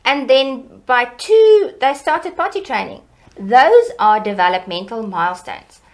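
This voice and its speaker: A middle-aged woman educator, explaining child development in a lively, teacherly way in an interview. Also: unhurried. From South Africa. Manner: animated, teacherly, varies pitch and loudness for emphasis.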